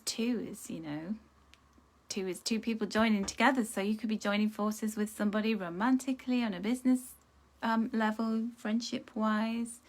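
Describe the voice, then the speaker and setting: Woman, card reader, live chatty reading, drifts soft and slow on affirmations. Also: medium pitch. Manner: chatty, warm-hearted, laughs and reacts to viewer comments.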